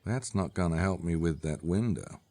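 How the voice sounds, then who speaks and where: A man playing a gruff adult detective hero in a game, with a dry, laconic delivery. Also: sits low, normal speed, warm tone, dry recording. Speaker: game character. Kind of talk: recorded game dialogue.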